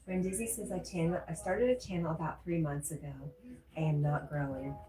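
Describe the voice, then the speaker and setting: Woman streamer, mellow low voice, casual comment-reading host, often laughing. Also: steady tone, a little fast. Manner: chatty, laughs often, reads chat aloud. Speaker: livestream host. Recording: roomy echo with faint music.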